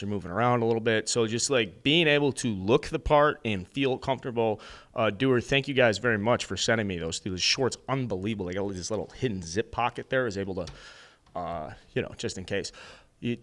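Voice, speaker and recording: A man's voice: lowish voice, fairly bright tone. Chatty American guy rambling. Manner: loose and rambling, lots of fillers. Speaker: podcast co-host. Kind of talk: casual sports chat with host-read ad.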